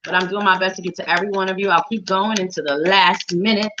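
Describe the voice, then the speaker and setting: A woman's voice: lowish voice, quick pace, few pauses, background noise. A woman giving tarot readings on a live show, chatty and playful, talking straight to viewers by name and humming little tunes. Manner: hums and sings little tunes while shuffling. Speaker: psychic reader on a live show. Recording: dull lo-fi livestream audio.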